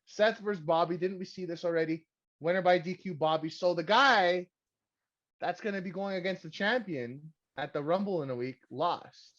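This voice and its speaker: A man's voice: high voice, moderate pace, fairly bright tone. A man co-hosting a casual podcast, rambling and sarcastic, cursing freely. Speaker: podcast co-host. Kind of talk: casual wrestling recap chat. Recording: dull lo-fi sound.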